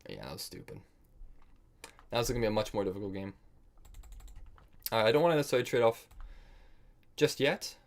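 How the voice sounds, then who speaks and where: A man's voice: mid-range voice, fast talker, long pauses. A man from the United States streaming online chess, thinking aloud about his moves, scolding himself for mistakes and bantering with his viewers in a casual style. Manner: thinks aloud, self-critical, chats with viewers. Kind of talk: casual live-stream commentary while playing.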